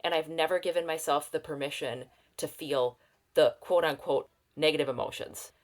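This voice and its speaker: A woman in her thirties, a guest on a parenting podcast, speaking earnestly and reflectively, slowing down to think aloud. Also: low-pitched. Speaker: guest, parenting program client. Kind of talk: conversational interview.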